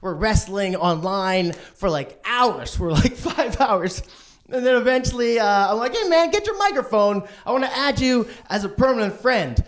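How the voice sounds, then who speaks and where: A man doing a stand-up set, manic and swearing, who acts out other people's lines in a shrill voice. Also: normal speed. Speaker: stand-up comedian. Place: online streamed show.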